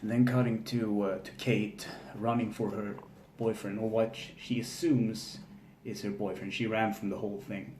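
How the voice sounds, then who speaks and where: In an echoey room with faint ambient hum, a low-voiced man talks through a film in a casual, halting way. He restarts often, leans on fillers, and keeps his tone flat.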